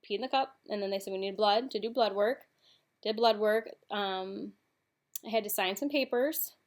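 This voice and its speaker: A young woman casually telling a personal story in a vlog, chatty and full of fillers. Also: mid-range voice. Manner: chatty, frequent fillers and "like", recounts in quick sequence. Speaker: vlogger.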